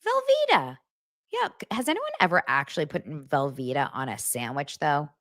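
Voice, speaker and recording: A woman in her thirties hosting a casual livestream, chatty and animated as she reacts to chat comments. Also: low voice, a little fast, dry recording, clean studio sound. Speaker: livestream host.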